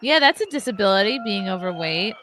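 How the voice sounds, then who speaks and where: Laughing woman host, lively pitch. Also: brisk, slight background noise. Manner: laughs often, short reactions, reads comments. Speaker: podcast host. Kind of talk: casual podcast chat.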